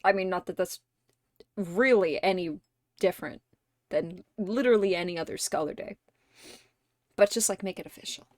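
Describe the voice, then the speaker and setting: A woman hosting a casual livestream chat with viewers. She laughs constantly, swears freely and gushes like an excited fan. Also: on the low side, moderate pace, long pauses, no room sound, studio quality. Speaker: streamer host.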